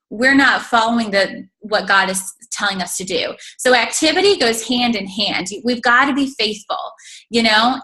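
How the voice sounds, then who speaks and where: A woman giving an energetic, faith-based motivational talk to her sales team over a video call, with lots of fillers. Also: on the high side, poor audio. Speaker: network marketing team leader.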